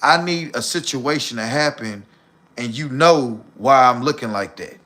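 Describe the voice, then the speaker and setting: A man's voice: medium pitch, a little slow, pushed and bright. Blunt, profane man ranting on a livestream. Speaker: livestream host. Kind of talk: casual livestream rant.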